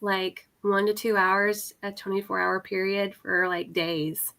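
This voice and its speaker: A woman's voice: medium pitch, level tone, measured pace, vocal fry, fairly bright tone. A young adult woman chatting casually with friends on a call, full of fillers and laughter. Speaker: readathon participant. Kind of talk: casual video-call chat.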